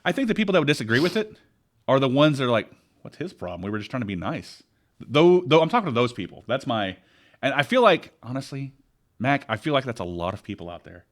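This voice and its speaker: Man, podcast co-host, casual rant, lively swooping pitch, emphatic storytelling. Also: fast talker. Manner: animated storytelling, rants with emphasis. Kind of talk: casual chat.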